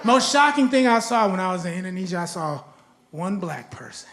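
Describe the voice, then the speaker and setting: A man performing a stand-up comedy set, animated and acting out characters in different voices. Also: sits high, a little fast. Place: live comedy venue. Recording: roomy live room with loud crowd. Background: loud audience laughter.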